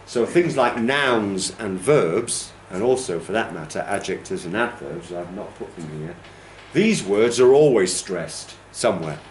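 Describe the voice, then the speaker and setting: A man lectures his TESOL training class in a roomy, echoing classroom, exaggerating word stress by drawing words out and explaining things patiently. He speaks a little slowly with hardly any pauses, in a low-leaning voice with lively intonation, over slight background noise.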